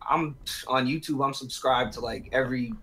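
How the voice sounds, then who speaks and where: A man's voice: medium pitch, moderate pace, bright, forceful tone, rough recording. Laid-back man with lots of fillers. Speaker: guest musician. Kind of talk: casual podcast chat.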